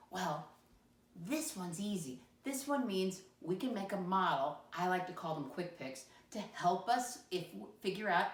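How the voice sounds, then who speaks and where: A woman teacher leading a first-grade lesson, encouraging and spelling words out slowly letter by letter. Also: mid-range voice. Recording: echoey room, voice from a distance.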